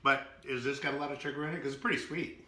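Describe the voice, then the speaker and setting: A man's voice: medium pitch, fairly even intonation, rapid-fire, pushed and bright, reverberant. A man from the Boston area co-hosting a casual cooking demo, chatty and joking as he tastes the dishes. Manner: joking, chatty, laughs often. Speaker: co-host.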